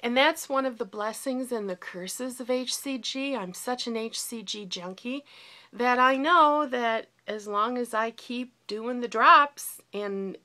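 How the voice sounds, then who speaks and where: A woman's voice: a little high, a little slow, bright, forceful tone. A woman in her forties talking candidly in a reflective personal video diary. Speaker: vlogger.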